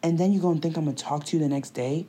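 Woman, young adult, low voice, husky, blunt profane storyteller, casual chat. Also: very fast, mellow.

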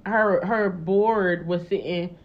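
Slow-talking young woman chiming in. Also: lowish voice, steady tone. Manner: chimes in, laughs hard, adds her own side. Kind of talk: casual chat. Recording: dull lo-fi recording.

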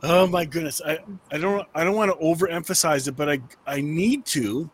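A man hosting an online panel by video call, effusive and warm in his praise, often saying "oh my goodness" and laughing. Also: fairly high pitch, brisk. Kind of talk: casual chat.

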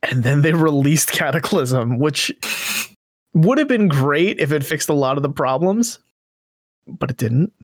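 A man's voice: on the high side, expressive, measured pace, dry recording, clean studio sound. A man hosting a casual gaming podcast, chatting wryly with his co-hosts. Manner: conversational, wry, drifts into mock quotes. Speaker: podcast host.

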